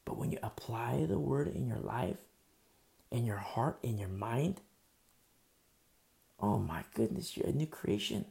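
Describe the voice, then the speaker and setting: A man's voice: mid-range voice, expressive, unhurried, gravelly, pauses often, a little mellow. A man preaching a conversational sermon, emphatic and full of rhetorical questions.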